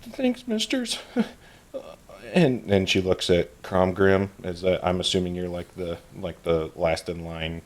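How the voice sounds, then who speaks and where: A man's voice: low voice, monotone, moderate pace, hardly any pauses. A man narrating a tabletop game as game master in a casual, rambling way.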